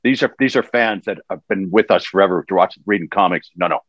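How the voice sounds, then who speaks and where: An older man telling animated stories as a guest in a casual interview. He laughs as he talks and often restarts his sentences. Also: sits low, fast talker, dry recording. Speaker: voice actor guest. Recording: dull dry lo-fi sound.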